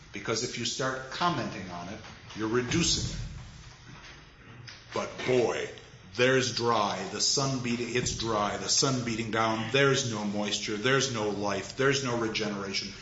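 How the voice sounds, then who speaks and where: An animated man gives a literature lecture, firing off rhetorical questions and then dropping to a near hush. The recording is roomy and a little dull. A faint background hiss runs under it. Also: on the low side. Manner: animated, rhetorical questions, dramatic emphasis, drops to a hush for readings. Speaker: lecturer on poetry.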